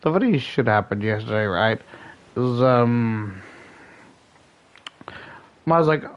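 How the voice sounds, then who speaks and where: A man's voice: mid-range voice, expressive, takes it slowly, clean tone, highs cut off. Brief: sick streamer guy with a sore throat, cursing through a casual rant. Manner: swears a lot, ranting anecdotes. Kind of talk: casual storytelling while gaming.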